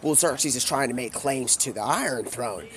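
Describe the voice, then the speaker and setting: A man on a live stream spins a rambling, stream-of-consciousness story and slips in and out of quoted characters. His voice sits at an average pitch. A faint background noise runs underneath. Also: normal speed, a bit bright.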